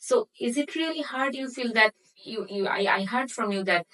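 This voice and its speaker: A woman hosting an interview who asks long, halting questions and often stops to search for words. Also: a little high, fairly bright tone, poor audio. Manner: halting, searching for words, non-native phrasing. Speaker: interview host.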